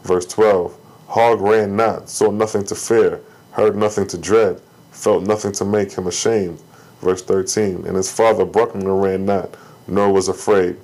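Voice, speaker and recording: A man reads an ancient religious text aloud, unhurried and measured. His voice sits a little low, and each verse comes out with steady, solemn care. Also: rough recording. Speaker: scripture reader. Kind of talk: solemn scripture reading.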